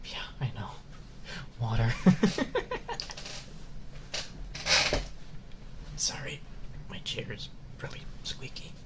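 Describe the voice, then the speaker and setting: A man's voice: medium pitch, huge pitch swings, drawn-out words, long pauses, in a whisper. A man streaming live, chatting casually with viewers, laughing often and swearing. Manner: giggly, swears, loses composure. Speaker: ASMR streamer. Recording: background noise hiss.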